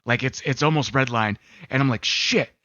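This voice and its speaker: On a gaming talk show, a male podcast co-host rambles a little fast in a medium-pitched, fairly bright voice, with no echo. He chats casually and tells stories, filling gaps with fillers and acting out quotes, while faint music sits under slightly dull audio.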